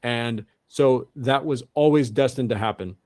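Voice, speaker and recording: Male guest, earnest and halting, middle pitch, dry recording. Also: darkish tone, no echo. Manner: earnest, repeats and restarts often. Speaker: guest researcher. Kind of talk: interview monologue.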